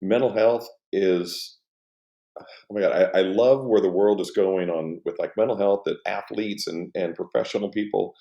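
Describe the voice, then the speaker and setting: Low mellow guy rambling on his stream, says hi to chat, kinda echoey room. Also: vocal fry, highs cut off. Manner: rambling, halting, greets chat viewers by name. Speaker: livestream host. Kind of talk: casual livestream chat.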